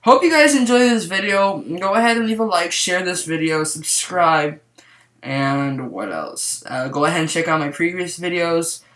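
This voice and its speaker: Rambling excitable guy in a roomy echo. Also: fairly high pitch, normal speed. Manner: rambling, excitable, heavy use of "like". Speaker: movie reviewer. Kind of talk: casual spoiler review to camera.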